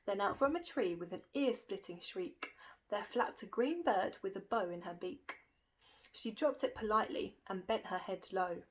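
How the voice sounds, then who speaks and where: A woman's voice: medium pitch, expressive, moderate pace, rough recording. Woman reading a rhyming picture book aloud. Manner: rhythmic, lilting rhyme reading. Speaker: storybook reader.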